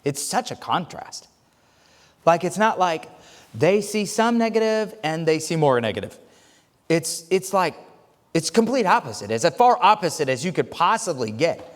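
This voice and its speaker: A male pastor preaching a sermon, telling a joke story with lively swings from loud to quiet and frequent stammered restarts. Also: fairly high pitch, normal speed. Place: church sanctuary. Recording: long reverb of a church hall.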